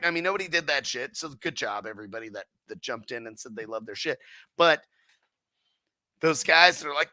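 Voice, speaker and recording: A man's voice: a little high, lively intonation, fast talker, pushed and bright, no room sound. A man guesting on a casual podcast about his car audio company, swearing constantly and heatedly acting out his customers' remarks.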